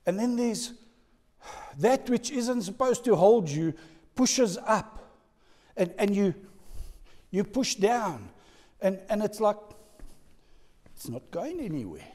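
Animated preacher, reverberant church. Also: male voice, sits high, slow pace, pauses often. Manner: animated, playful, code-switching. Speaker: pastor. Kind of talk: sermon.

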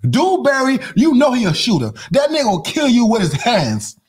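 A man hosting a comedy podcast, delivering an animated, profane rant that keeps breaking into mock voices and sing-song chanting. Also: extremely high pitch, normal speed, breathy edge. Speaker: podcast host.

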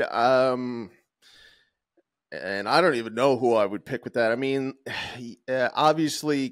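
Guy co-hosting a podcast, middle pitch, dry close mic, rambles with lots of ums and restarts. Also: dry recording. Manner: rambling, many fillers and restarts. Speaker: podcast co-host. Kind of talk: casual chat.

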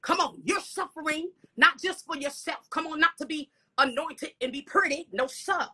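A woman's voice: high-pitched, moderate pace, sharp tone. A woman preaching a fervent sermon, punctuating her words with "come on" and "hallelujah" and dropping at times into whispered asides.

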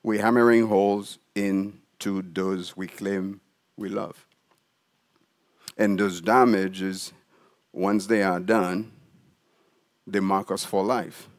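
A man preaching a sermon as pastor in a church, animated and demonstrative, putting questions to the congregation. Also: deep voice, takes it slowly, long pauses. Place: church sanctuary.

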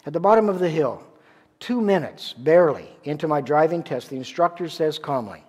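A man's voice: fairly high pitch, animated, a little fast, darkish tone. A man from Ontario, Canada, preaching a sermon as a pastor, telling a story in a conversational way with rhetorical questions. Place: church sanctuary. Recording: long church reverb.

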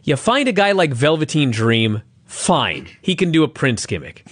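A man's voice: on the high side, big pitch swings, normal speed. A male podcast co-host in casual chat, ranting in an exasperated, profane way.

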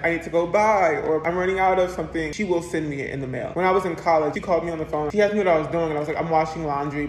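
Chatty, emotional young man in an echoey room. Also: a little high. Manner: chatty, emotional, exclaims and laughs often. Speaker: vlogger. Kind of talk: casual diary vlog. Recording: roomy echo, faint noise.

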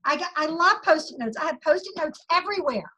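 A woman's voice: very high voice, expressive, a little fast, pushed and bright, low-quality recording. A woman leads a motivational sales meeting over a video call from her home office, enthusiastic and preachy, calling out to her listeners. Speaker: sales team leader.

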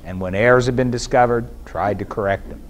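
A man giving a measured, explanatory academic lecture at a conference, pausing now and then with fillers and restarts. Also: mid-range voice. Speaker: scholar giving a conference presentation. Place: conference hall.

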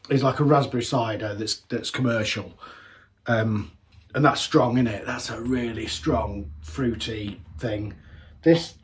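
A man in a casual beer-tasting vlog, chatty and rambling, often correcting himself mid-sentence. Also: medium pitch. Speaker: homebrewer reviewing beers.

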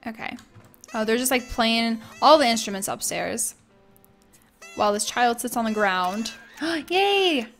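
A woman's voice: a little high, animated, measured pace, pauses often, soft background music. A young woman giving casual, bubbly let's-play commentary, gushing and chatting with her viewers and characters. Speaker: gaming YouTuber.

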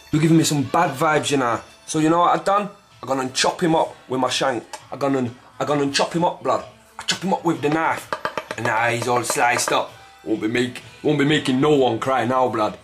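A man hosting a comic cooking demonstration in swaggering street slang, with a pitch that keeps jumping around. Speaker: comic cooking show host. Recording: echoey room, mic at a distance, faint music.

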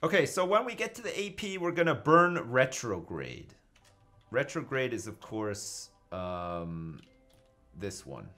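A man's voice: medium pitch, sing-song, a little slow, sharp tone, faint music behind. A man casually commenting on his own space game live, joking, swearing and thinking aloud as he reads chat. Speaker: gaming livestreamer.

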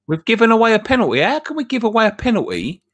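A man on a fan watch-along making quick, chatty remarks about the play. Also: high voice, very animated, a bit bright. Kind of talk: live watch-along chat.

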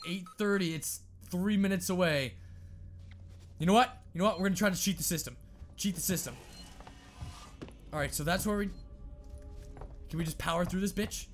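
A young man giving casual let's-play commentary on a horror game, swearing often, muttering to himself and bursting into yells. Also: sits high, moderate pace, long pauses, soft background music. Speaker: gaming video host.

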